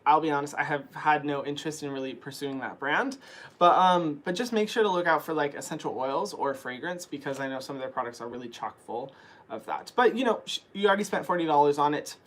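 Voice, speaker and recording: A young man chats casually through viewer questions, peppering his answers with "um" and "like". His voice sits a little higher than most men's and has an early morning roughness to it. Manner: chatty, frequent fillers like "um" and "like". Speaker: skin care channel host answering viewer questions. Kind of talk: casual chat.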